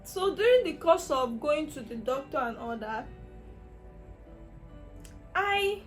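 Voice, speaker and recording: A woman's voice: high voice, lively intonation, slow pace, faint music behind. A young Nigerian woman vlogger telling a personal health story in an emotional, rambling way, full of restarts. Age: young adult.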